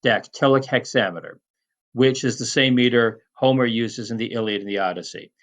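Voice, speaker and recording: A man teaching Latin poetic meter in a recorded lecture, measured and prone to restarts and fillers. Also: mid-range voice.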